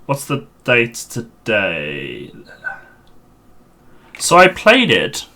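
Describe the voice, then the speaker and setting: A man's voice: medium pitch, wildly swooping pitch, extremely slow, sharp tone. A man streaming a game live, chatting and muttering to himself on a headset mic while he sorts out a server.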